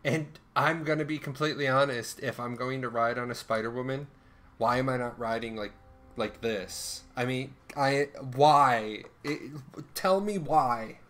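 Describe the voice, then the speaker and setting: Bright-voiced ranting male streamer. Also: medium pitch, unhurried. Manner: animated, ranting, swears a lot. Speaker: livestreamer. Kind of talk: casual gameplay commentary.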